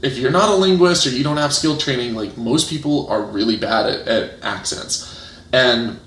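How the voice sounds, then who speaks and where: A man's voice: medium pitch, normal speed. A man, a guest in a casual interview, telling stories with lots of fillers and restarts. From United States. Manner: animated storytelling, many restarts and fillers. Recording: roomy echo.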